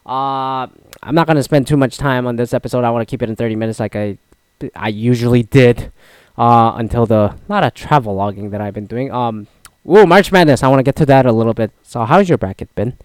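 Male podcast host, smooth resonant voice, dry close sound, rambling profane casual sports talk. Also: mid-range voice, brisk, a little mellow, no echo. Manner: rambling, profane, frequent restarts. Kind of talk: casual solo sports chat.

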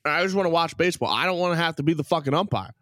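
Male podcast host, blunt and profane, slightly high pitch, dry close sound. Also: expressive, rapid-fire, a bit bright, dry recording. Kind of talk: casual chat while watching a game.

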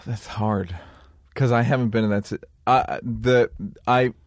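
A man's voice: medium pitch, steady tone, slow pace, no echo, studio quality. A man co-hosting a podcast who chats casually, often restarting his sentences. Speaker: podcast co-host. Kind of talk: casual chat.

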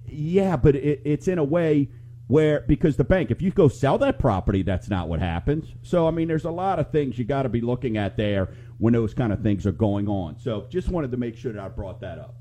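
A man's voice: mid-range voice, lively intonation, normal speed, dark tone. A middle-aged man hosting a live talk radio show, chatting and telling rambling stories to listeners. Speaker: radio show host and mortgage lender.

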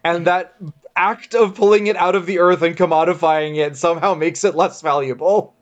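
A man's voice: fairly high pitch, fairly even intonation, moderate pace, dull audio. A man in casual chat with friends, joking, rambling and laughing often.

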